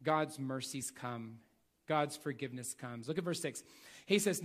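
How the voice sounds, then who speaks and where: A man's voice: medium pitch, measured pace, slightly rough. A man preaching a sermon, reading scripture aloud and pressing his points with earnest repetition.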